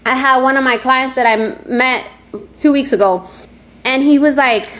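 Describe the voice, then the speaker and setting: A woman from New York with a New York accent, a guest telling stories in a casual, animated interview chat. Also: high-pitched, normal speed. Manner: animated, lively storytelling with playful quoted voices. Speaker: guest, real estate agent.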